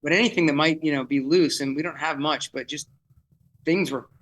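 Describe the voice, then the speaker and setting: A man telling a vivid, excitable story in podcast chat, often restarting his sentences. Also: on the high side, fairly quick, low-quality recording. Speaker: festival producer guest.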